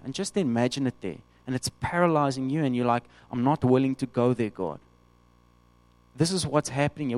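A man preaching a sermon, animated, acting out the voices of the people he quotes. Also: medium pitch, dry recording.

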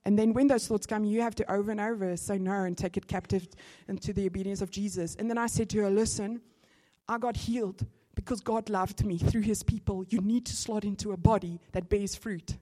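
A woman with a South African accent tells a testimony in a sermon, bursting into lively acted-out dialogue. Her voice sits at a middling pitch and swings with feeling as she preaches. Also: fairly quick. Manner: animated storytelling, acting out conversations. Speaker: church speaker.

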